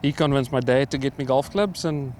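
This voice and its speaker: A middle-aged man from South Africa, a professional golfer answering interview questions in a relaxed, hesitant way with many fillers. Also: medium pitch, fairly quick, a little hiss or hum. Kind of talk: casual interview. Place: outdoors at a golf course.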